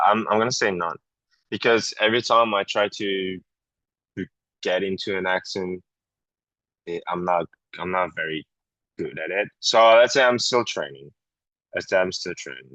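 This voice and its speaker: A man with a French accent, a guest actor chatting candidly on a podcast, often pausing to search for words in English. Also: deep voice, pushed and bright, no echo, rough recording. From France. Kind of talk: casual podcast conversation.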